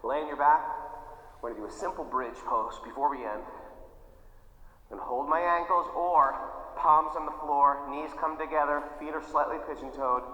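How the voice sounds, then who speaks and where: A man's voice: on the high side, normal speed, pushed and bright. Chatty male yoga teacher in an echoey room. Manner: chatty, playful, talks openly about himself. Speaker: yoga instructor. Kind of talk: guided yoga class cues. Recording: echoey room with long reverb, dull lo-fi sound.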